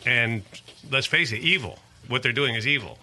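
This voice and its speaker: Bright-voiced, earnest man. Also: medium pitch, moderate pace, slight background noise. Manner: earnest, animated storyteller. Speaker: guest, musician and advocate. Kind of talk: casual interview.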